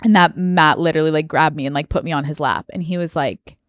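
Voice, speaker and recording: A woman's voice: deep voice, fast, a bit bright, no echo. A young woman hosting a solo podcast, talking in an emotional, confessional way and close to tears, recorded on a studio microphone. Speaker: podcast host. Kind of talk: personal solo podcast monologue.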